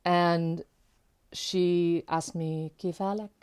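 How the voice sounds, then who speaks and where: A woman's voice: lowish voice, slow, clean tone. A woman telling a personal story to camera, candid and conversational, loose with little fillers. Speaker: keynote speaker.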